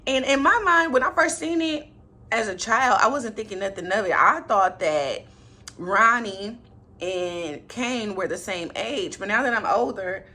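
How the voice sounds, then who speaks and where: A young woman hosts her own movie review channel, talking casually and animatedly with plenty of sass. Her voice is bright and forward. She breaks into laughing asides and fires off rhetorical questions. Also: medium pitch, sing-song, a little slow. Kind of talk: casual, chatty commentary.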